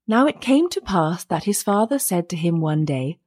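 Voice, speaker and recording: A woman narrating an old fairy tale in a measured storytelling manner. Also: fairly low pitch, sing-song, a little mellow.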